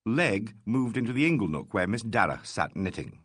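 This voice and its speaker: A man narrating a classic mystery audiobook with expressive, varied delivery. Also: fairly low pitch, normal speed, breathy edge, no room sound, clean studio sound.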